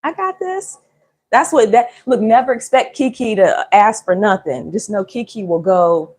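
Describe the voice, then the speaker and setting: A woman's voice: medium pitch, normal speed, darkish tone, husky. Chatty woman livestreaming. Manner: chatty, rambling, joking. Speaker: livestream host. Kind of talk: casual livestream chat.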